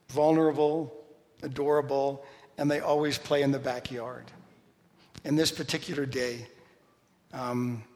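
A middle-aged man preaching a sermon, telling stories with lively shifts and sudden shouted lines. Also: medium pitch. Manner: storytelling, animated, shouts quoted lines. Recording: long hall reverb.

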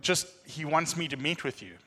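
A man's voice: fairly high pitch, expressive, normal speed, pushed and bright, husky, long reverb tail, heavily acted. A man doing an eager elderly South African stranger. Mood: urgent.

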